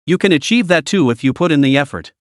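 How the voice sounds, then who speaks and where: A man reading as a calm young fighter. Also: on the high side, fast talker, no room sound, studio quality, natural voice.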